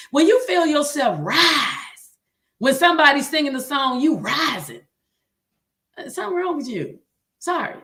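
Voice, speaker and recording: Southern woman host, high-pitched, exhorting sermon-style talk. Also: a bit bright. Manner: exhorting, repeats "come on", reads viewer comments aloud. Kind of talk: livestream talk to choir directors, preaching tone.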